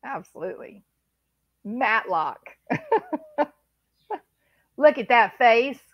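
A woman's voice: medium pitch, expressive, a little slow, dry recording, lo-fi sound. A woman hosting a livestream, chatting and joking with her viewers. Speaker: livestream host. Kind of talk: casual chat.

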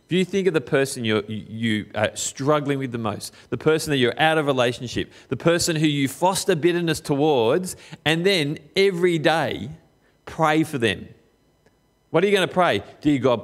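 Conversational middle-aged male preacher, slightly high. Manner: conversational preaching, asks the listeners questions directly; lively swings of pitch, sometimes slow and emphatic. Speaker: pastor. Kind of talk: sermon.

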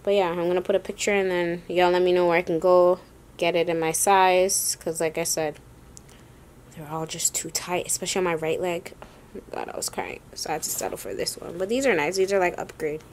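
A woman's voice: lowish voice, fairly even intonation, a little fast, a little hiss or hum. Breathless chatty young woman vlogging. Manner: chatty, addresses viewers as y'all, rambling asides. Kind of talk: casual sneaker haul vlog.

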